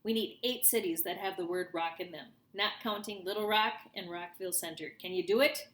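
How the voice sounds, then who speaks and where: A woman's voice: on the low side, fairly quick, a bit bright, natural voice. A woman voicing a nervous fourth-grade boy who talks in an eager, urgent way. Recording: roomy echo.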